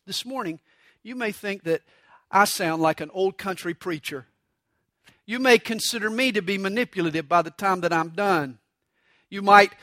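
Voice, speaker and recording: A man's voice: sits high, a bit bright, no echo, studio quality. A man preaching a sermon, mixing stories and jokes with acted voices for quotes. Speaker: pastor.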